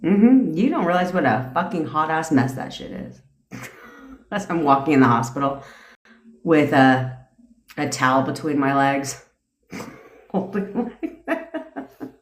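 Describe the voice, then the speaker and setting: A woman's voice: low-pitched, normal speed, long pauses, echoey room. A woman coaching viewers on a casual livestream, blunt and profane, laughing often. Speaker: manifestation coach. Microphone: phone or webcam.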